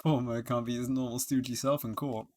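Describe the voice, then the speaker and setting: A man's voice: mid-range voice, flat delivery, fairly quick, a little mellow. A male streamer joking and chuckling as he plays through a story game. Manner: joking, laughs often. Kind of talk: casual game commentary.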